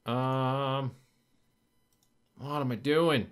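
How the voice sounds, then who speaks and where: A man narrates his own gameplay, frustrated and swearing as he mutters to himself. His pitch moves a lot, from low grumbles to sudden loud outbursts, and his tone is bright and forceful. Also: very animated, normal speed. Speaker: gaming video creator. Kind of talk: gameplay commentary.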